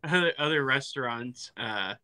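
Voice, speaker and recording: Bright, lively-voiced joking man. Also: mid-range voice, normal speed, smooth. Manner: joking and playful, laughs between lines. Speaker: podcast co-host. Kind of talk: casual podcast chat.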